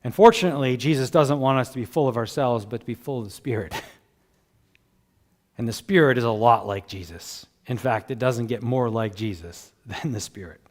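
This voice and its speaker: A man preaching a sermon as pastor, animated and conversational, chuckling between points and acting out quoted voices. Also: medium pitch, moderate pace. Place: church sanctuary. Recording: long church hall reverb.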